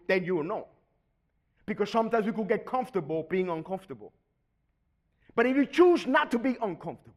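A middle-aged man delivers a sermon in a fairly high voice. He moves between calm, steady explanation and sudden loud, shouted bursts of preaching. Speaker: pastor.

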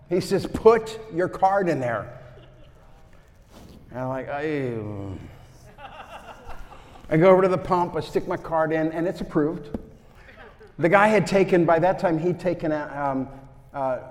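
A male preacher delivers a sermon through a story, acting out the voices of the people in it. His voice sits a little high, and he swings between loud emphasis and hushed, intimate moments. Long reverb trails behind him in the hall. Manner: animated, acts out quotes, swings from loud to hushed.

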